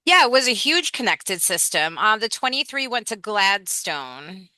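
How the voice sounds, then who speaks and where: A woman co-hosting a podcast in casual chat, wry and quick to laugh. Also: medium pitch, sing-song, pushed and bright, no echo. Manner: unhurried, wry, laughs easily. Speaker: podcast co-host.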